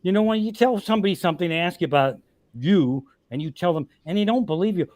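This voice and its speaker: A man's voice: sits high, lively intonation, fast, darkish tone, dry recording. A man, a stand-up comedian, telling stories on a podcast with heavy swearing and exasperated rants. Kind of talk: profane comic storytelling. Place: podcast studio.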